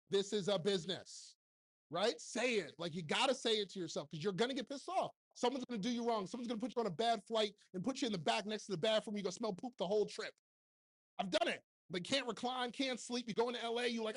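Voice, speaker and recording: A man in his forties giving a blunt, joking motivational talk on stage to a live audience, speaking into a handheld microphone and firing off rhetorical questions. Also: high voice. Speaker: keynote speaker and TV producer.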